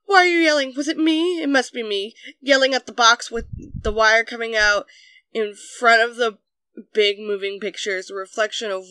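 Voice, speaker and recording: A narrator voicing an anxious, clingy talking pet dog with high, excited chatter. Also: normal speed, smooth, no echo, lightly acted.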